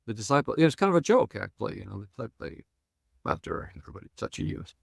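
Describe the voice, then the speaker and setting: An older man with a low, gravelly voice retells scenes as a guest scholar and pastor. He slips into the characters' lines and chuckles as he talks. The sound is close and dry. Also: very animated, fast, no room sound. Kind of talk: animated storytelling on a podcast.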